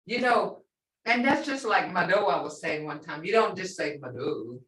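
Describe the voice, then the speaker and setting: An older woman teaching a language class in a relaxed way, repeating phrases slowly for her learners. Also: lowish voice. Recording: echoey room, distant from mic.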